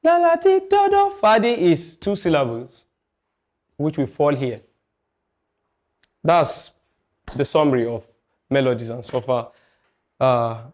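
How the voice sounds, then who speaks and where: A man's voice: medium pitch, a little mellow. A man teaching a music class, chatty and jokey, often asking his students questions. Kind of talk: classroom lecture.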